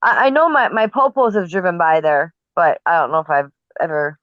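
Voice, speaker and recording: A man's voice: fairly high pitch, brisk, no room sound. Profane rambling man, dry lo-fi audio. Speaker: live stream participant. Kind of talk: casual chat.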